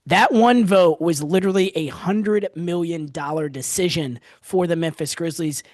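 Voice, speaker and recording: A young man hosting a casual sports podcast, giving animated, quick analysis of trades. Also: on the high side, no room sound, studio quality. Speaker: podcast host.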